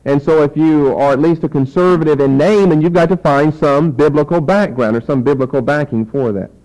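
A man's voice: fairly high pitch, a little fast, a little mellow, low-quality recording. Man giving an emphatic Bible lesson. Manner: explanatory, emphatic, spelling out words letter by letter. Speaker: Bible teacher. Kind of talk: Bible teaching lecture.

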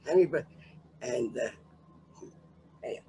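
Older male guest, profane storyteller, gravelly voice that leaps all over the place. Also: medium pitch, animated, slow pace, dark tone, slight background noise. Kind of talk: storytelling in a casual interview.

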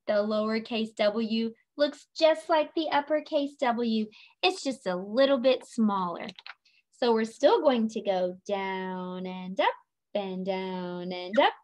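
A woman teacher giving a children's phonics and handwriting lesson, patient and sing-song, drawing out each letter sound. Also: fairly high pitch.

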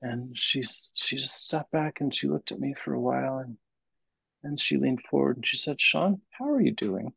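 A middle-aged man, a guest therapist, tells a story from his training in an interview, animated and halting with restarts, over a video call. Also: medium pitch, gravelly, husky, dry recording, poor audio.

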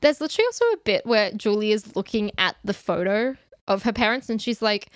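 A woman co-hosting a casual film chat podcast, animated and blunt, swearing freely and laughing often. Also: medium pitch, fairly quick, no room sound. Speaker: podcast co-host.

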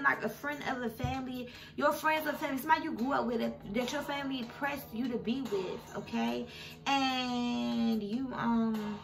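A woman's voice: a little high, vocal fry. A woman doing a casual tarot reading who talks straight to her viewers and gets emotional. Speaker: tarot reader. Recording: music playing behind her.

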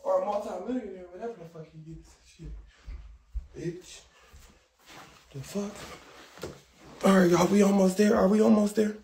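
A man's voice: high-pitched, fairly even intonation, unhurried, vocal fry, long pauses, dark tone. A man hosting a livestream, chatting with viewers in a brash, profane, talkative way. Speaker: livestream host. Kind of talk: casual livestream chat.

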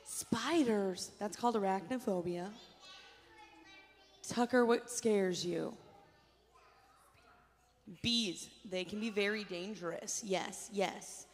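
A woman's voice: mid-range voice, slow, long pauses. A woman leading a children's chapel talk, calling on kids by name and coaxing them to repeat lines back to her. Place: school chapel or church hall. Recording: hall reverb.

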